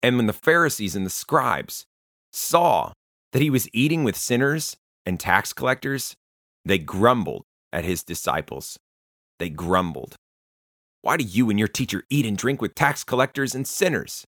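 A man's voice: fairly low pitch, a bit bright, no room sound, studio quality. A man, a pastor, preaching a sermon in a conversational, storytelling way. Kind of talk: sermon to listeners.

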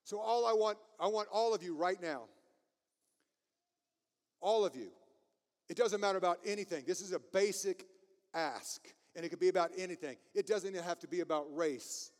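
A man's voice: high voice, moderate pace, pauses often, long reverb tail. A man preaching a sermon, passionate and emphatic, laughing at himself now and then.

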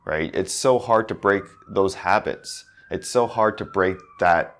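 A man's voice: sits low, a little slow, a bit bright. A man who works as an accent coach, talking through pronunciation practice in a conversational way, often restarting and asking "right?". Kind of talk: casual instructional talk.

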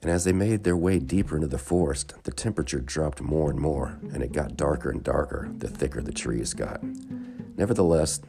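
A man narrating a children's adventure story in a calm, measured way. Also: rumbling low, vocal fry, music in the background.

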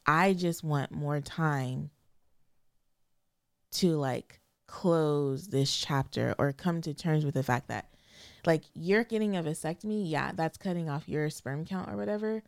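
A woman's voice: deep voice, unhurried, creaky, dry recording. A young adult woman co-hosting a casual marriage podcast, talking emotionally and hesitantly, close to tears. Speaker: podcast co-host. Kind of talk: casual chat.

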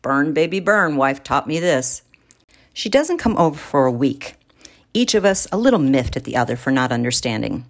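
A woman's voice: sing-song, moderate pace. A woman reading a first-person story aloud in a wry, theatrical manner. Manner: wry, theatrical, big swings in pitch. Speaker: narrator.

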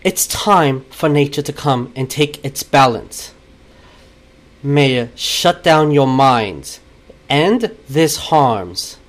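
A man voicing a calm, scornful woman druid who speaks for the jungle and lectures a crowd. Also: medium pitch, very slow. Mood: righteous. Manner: cold, preachy, condescending.

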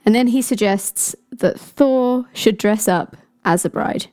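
Woman storyteller, casual and chatty, cracks jokes as she goes. Mellow tone. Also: fairly high pitch, slow. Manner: chatty, jokey asides. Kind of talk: casual retelling of a myth.

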